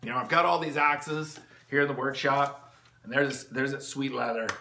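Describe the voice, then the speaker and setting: Guy rambling away in his workshop, bright forceful voice, lots of ums and restarts, room echoes a lot. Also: mid-range voice, moderate pace, vocal fry, slight background noise. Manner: rambling, enthusiastic, with many fillers and restarts. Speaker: channel host. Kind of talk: rambling casual vlog talk. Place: home workshop.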